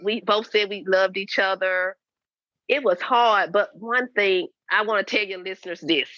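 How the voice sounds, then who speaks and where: Woman in her fifties, bright edgy voice, earnest heartfelt testimony, dry dull lo-fi recording. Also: medium pitch, normal speed, no echo. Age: 50s. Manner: earnest, repetitive, preachy testimony. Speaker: guest, host's mother. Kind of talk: candid personal storytelling. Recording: dry, slightly dull lo-fi sound.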